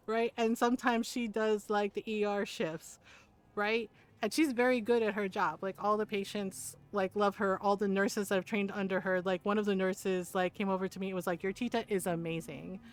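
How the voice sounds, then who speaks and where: A woman's voice: medium pitch, clean tone. A woman livestream host chatting casually as she tells a story, rambling and filling her talk with "like" and "right?".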